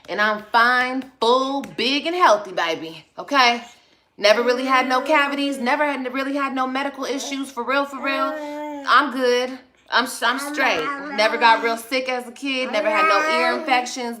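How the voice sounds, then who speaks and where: Female vlogger, casual livestream talk; bright, sharp tone; blunt, profane, sassy with viewers. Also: on the high side. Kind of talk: casual livestream chat replying to comments.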